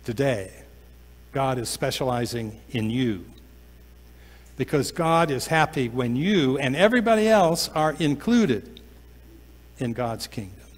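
Man preaching in a reverberant church. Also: lively intonation. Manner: slows down and drops to a soft, low voice for emphasis. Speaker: pastor. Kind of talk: sermon. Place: church sanctuary.

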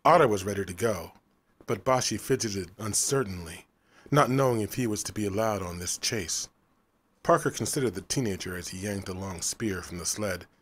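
Male audiobook narrator, low husky voice, steady storytelling. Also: normal speed.

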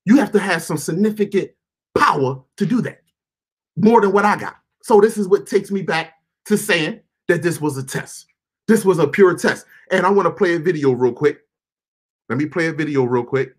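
A man delivering an impassioned monologue to his viewers, shouting, swearing and repeating himself. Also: moderate pace, husky. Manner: calmer, lower and quieter.

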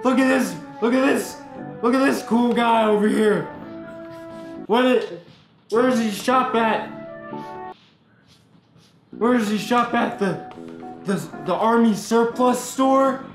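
A man playing through a VR game for laughs, brash and loud, trash-talking the characters. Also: very high-pitched, takes it slowly, gravelly, pauses often, heavy reverb, music in the background, poor audio. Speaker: gamer. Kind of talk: comedic VR let's play.

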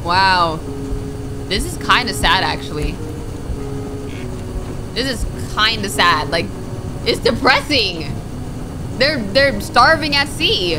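A woman commenting on a video game as she plays, joking and reacting loudly to scares. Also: mid-range voice, expressive, slow pace, long pauses, noisy background. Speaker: gaming streamer. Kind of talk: let's play commentary. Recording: game music behind the voice. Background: game music.

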